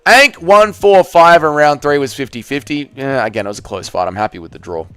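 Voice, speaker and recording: A man's voice: medium pitch, sing-song, fast talker, fairly bright tone, clear, resonant tone, soft background music. A man hosting a casual livestream, reading out viewer comments and answering in a blunt, sarcastic way while swearing freely. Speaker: livestream host.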